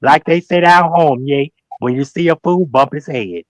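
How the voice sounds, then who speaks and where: A man with a somewhat high voice preaches and calls people out on a livestream, hammering home each point with repetition. He acts out other people's words in mocking asides, and his voice sounds close and dry, with no room echo. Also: normal speed. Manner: emphatic, preachy, addresses people directly and repeats phrases; slangy, animated storytelling with mock quotes. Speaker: guest on a livestream talk show. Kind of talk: heated livestream call-out talk.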